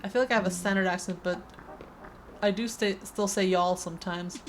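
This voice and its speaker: A woman's voice: medium pitch, steady tone, fairly quick, a little hiss or hum. A woman from Peru with a slight Spanish accent, chatting casually while streaming a game, over-enunciating her consonants. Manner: chatty, rambling, many restarts. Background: faint game music.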